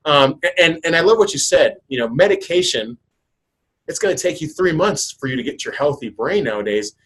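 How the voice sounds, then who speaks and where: Husky, rambling man hosting a podcast. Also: on the high side, fairly quick, poor audio. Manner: rambling, animated storytelling with many restarts. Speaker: podcast host. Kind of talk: casual podcast chat.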